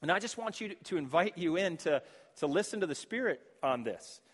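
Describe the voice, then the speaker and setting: A man preaching as pastor, his voice sitting a little high for a man. He speaks earnestly and reflectively, restarting phrases as he works through the text. The sound carries a long reverb, as in a hall. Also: animated, a little fast, a bit bright, breathy edge. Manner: earnest, reflective, with frequent restarts while quoting scripture. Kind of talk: sermon.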